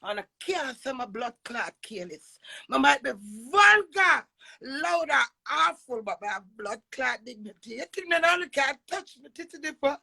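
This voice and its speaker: A Jamaican woman ranting with loud, brash cursing, swinging between shouting and low mutters. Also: expressive, moderate pace, gravelly, rough recording. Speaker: social media personality. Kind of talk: cursing rant.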